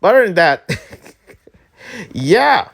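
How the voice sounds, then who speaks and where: A man hosting his own vlog, talking alone in a casual ranting monologue that swings between heated outbursts and low mutters. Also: big pitch swings, slow, gravelly, fairly bright tone, husky. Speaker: vlog host.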